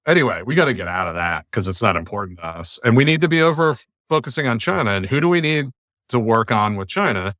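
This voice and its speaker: A man's voice: mid-range voice, very animated, fast talker, fairly bright tone, dry recording, studio quality. An American man hosting a podcast, speaking bluntly and emphatically in long runs of argument over a remote call. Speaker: podcast host. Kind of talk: opinionated casual podcast talk.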